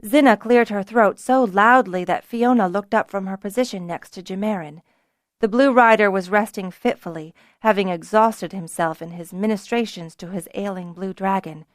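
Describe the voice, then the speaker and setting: A woman reading a fantasy novel aloud as an audiobook narrator, measured and even. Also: medium pitch, no room sound, clean studio sound.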